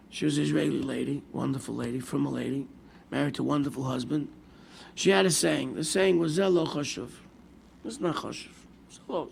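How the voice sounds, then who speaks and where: Brief: older New rabbi, gravelly and a bit high, storytelling sermon, faint hiss behind. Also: male voice. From United States. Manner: storytelling with lively quoted asides, mixing Hebrew and Yiddish terms. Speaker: rabbi giving a Torah class.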